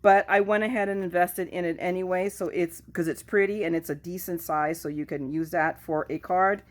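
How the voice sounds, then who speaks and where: A woman's voice: on the low side, fairly even intonation, moderate pace. A woman chatting casually at home in a craft haul video, goofy and self-mocking as she shows her finds. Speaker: craft vlogger.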